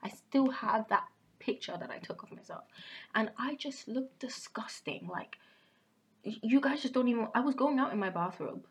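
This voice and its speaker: A young woman hosting a podcast, telling a personal story candidly and often dropping into hushed, whispered asides. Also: on the high side, animated, fairly quick. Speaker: podcast host. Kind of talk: casual confessional monologue.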